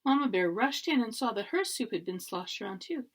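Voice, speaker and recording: A woman teacher reading a children's storybook aloud in an expressive way. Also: medium pitch, a little fast, husky.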